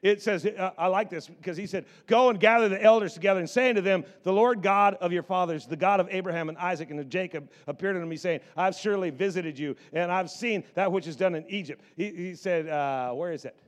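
A middle-aged man preaches from the pulpit in a lively, conversational way. He stumbles over and repeats words as he goes, slipping into quoted voices. His speaking voice sits somewhat high for a man. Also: a little fast, hardly any pauses. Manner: animated, repeats words, acts out biblical quotes. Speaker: pastor. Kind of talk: sermon.

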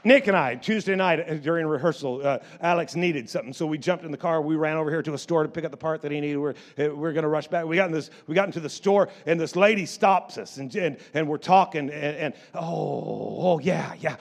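A middle-aged man preaching a sermon in church, stammering through restarts and moving between quiet storytelling and loud exhortation. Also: on the high side, fast talker, few pauses. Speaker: pastor.

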